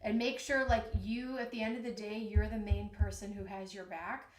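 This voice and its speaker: A woman giving a live-streamed tarot reading in a slow, soothing, reassuring way, tired from jet lag. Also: medium pitch, little pitch movement. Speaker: tarot reader. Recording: echoey room with clear background noise.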